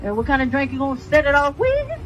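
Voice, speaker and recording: A woman's voice: high voice, sing-song, fast, highs cut off, music in the background. A woman playing a chatty drive-thru cashier in a comedy sketch, talking in sassy sing-song banter with rhyming patter. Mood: sassy upbeat.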